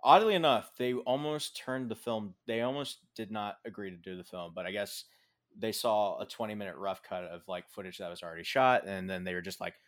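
A man co-hosting a casual film podcast, animated, swearing freely and laughing often. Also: fairly low pitch, brisk. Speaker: podcast co-host.

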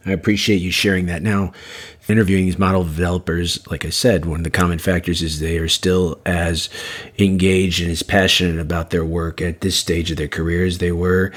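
Deep husky male podcast host. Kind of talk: interview and outro.

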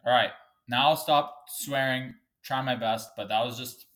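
A man's voice: medium pitch, fairly even intonation, unhurried, fairly bright tone. Fired-up sniffly man ranting. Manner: angry, profane, swears often. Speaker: podcast host. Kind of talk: solo podcast rant. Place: bedroom.

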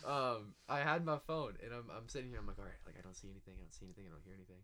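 A young man co-hosting a casual chat, telling a ghost story in an animated way, acting out voices and laughing often. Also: lowish voice, rapid-fire. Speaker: podcast co-host.

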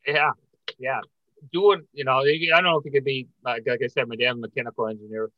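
A man's voice: medium pitch, steady tone, quick pace, muffled recording. A middle-aged man as a podcast guest, chatty and jokey, telling stories in a loose, casual way. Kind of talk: casual interview chat.

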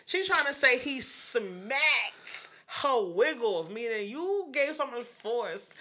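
A woman's voice: high voice, big pitch swings, slow pace, pushed and bright. A woman co-hosting a casual chat podcast, blunt and profane, ranting freely. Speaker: podcast co-host.

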